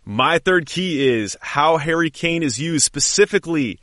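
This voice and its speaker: A man co-hosting a casual sports chat, talking eagerly and rambling through restarts as his thoughts run ahead. His voice is bright and forceful, slightly high, and recorded dry and close. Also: animated, unhurried, no echo. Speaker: podcast co-host.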